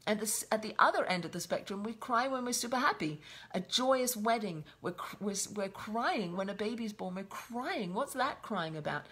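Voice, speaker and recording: A woman teaching a weekly Torah portion in a reflective, unscripted way. She circles back on her phrases and restarts them as she thinks aloud. Her voice sits at an ordinary middle pitch for a woman. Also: lively intonation, moderate pace, a bit bright. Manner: reflective, with frequent restarts and repetition. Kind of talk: spoken Torah lesson.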